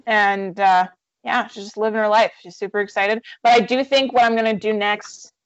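A woman's voice: mid-range voice, steady tone, normal speed, no echo. Chatty woman player on dull dry audio. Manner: rambling, self-correcting, chatty. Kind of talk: casual chat about her character.

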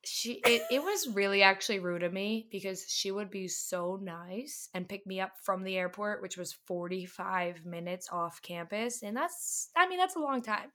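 A woman's voice: medium pitch, animated, moderate pace, hardly any pauses, sharp tone. A young woman from the northern US co-hosting a podcast in casual chat, chatty and self-deprecating, laughing often. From northern United States. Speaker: podcast co-host.

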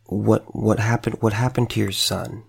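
A man's voice: on the low side, little pitch movement, normal speed, vocal fry, husky. A man speaking emotionally to the camera, stammering and repeating words as he struggles to hold back tears. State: choked up, fighting back tears. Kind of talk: emotional direct-to-camera commentary.

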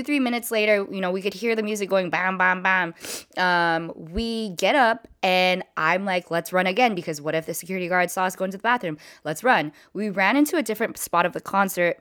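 A young adult woman recounting a wild night out for her viewers. Her telling is animated and chatty, packed with "like" and "you know" as she jumps from one moment to the next. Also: medium pitch. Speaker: vlogger. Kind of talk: casual storytime.

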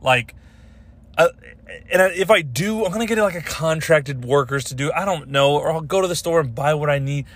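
A man's voice: fairly high pitch, a little fast. A young adult man hosting a podcast, ranting casually and profanely, telling stories and acting out the people in them. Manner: animated, profane storytelling with voiced quotes. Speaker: podcast host. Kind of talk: casual solo podcast rant.

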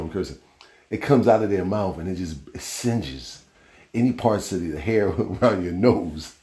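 Low-voiced man rambling on a podcast. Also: vocal fry, roomy sound. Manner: loose, rambling storytelling with slang and cursing. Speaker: podcast host. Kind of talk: casual solo podcast monologue.

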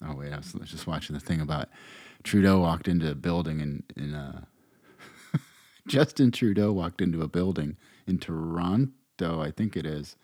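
Deep-voiced man rambling political commentary. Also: moderate pace, warm tone, no room sound, clean studio sound. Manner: meandering and sarcastic, with frequent restarts. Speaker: podcast host.

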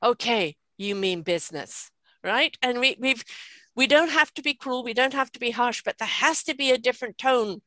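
An older woman and grandmother talking casually on a video call, animated and acting out the tones she uses with children. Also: high voice, brisk, no echo. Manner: animated, acts out scolding tones. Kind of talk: casual chat.

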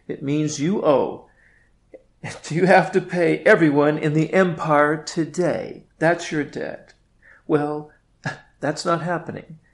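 Priest guy, gravelly voice, quiet reflective prayer, talks to jesus directly. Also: mid-range voice. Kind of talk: prayer meditation.

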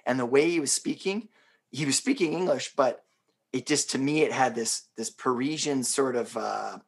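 A man hosting a casual interview, talking in a relaxed, conversational way with lots of fillers. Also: medium pitch, normal speed, creaky, breathy edge. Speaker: podcast host.

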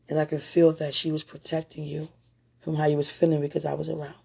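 A woman's voice: low-pitched, little pitch movement, normal speed, creaky, long pauses, mellow, slightly rough. A woman giving an emotional personal testimony, talking straight to her partner in a heartfelt, rambling way with prayerful asides.

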